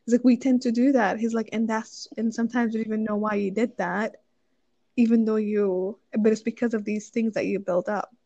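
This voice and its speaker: A woman's voice: fairly high pitch, steady tone, a little fast, warm tone, no room sound. A woman casually summarizing a relationship book, chatty and rambling, with many fillers and restarts, and acting out quoted lines in little voices. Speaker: book reviewer. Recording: dry, slightly muffled recording.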